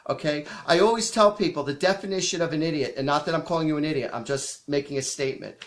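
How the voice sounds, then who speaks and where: A man hosting a live psychic show, chatty and animated as he tells stories and acts out quotes, a bit sniffly from allergies. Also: on the high side, quick pace. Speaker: psychic medium host. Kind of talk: casual live-stream storytelling.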